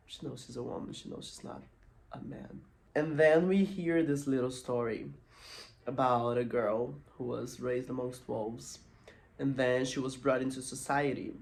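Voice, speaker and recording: Creaky-voiced man chatting through a film. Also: mid-range voice. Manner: animated, chatty, many "like" fillers, acts out quotes. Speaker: film analysis vlogger. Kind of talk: casual film analysis.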